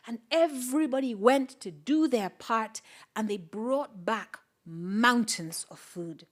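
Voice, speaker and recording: Expressive, slow woman storyteller. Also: a little high. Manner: dramatic, expressive, sound effects and whispers. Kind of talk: live folktale storytelling.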